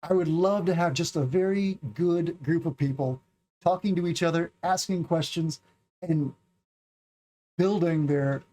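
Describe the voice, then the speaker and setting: A man's voice: fairly high pitch, measured pace, dark tone. Chatty man in his forties teaching. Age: 40s. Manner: chatty and rambling, drawing out words to show stress and intonation. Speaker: English teacher. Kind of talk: casual livestream lesson.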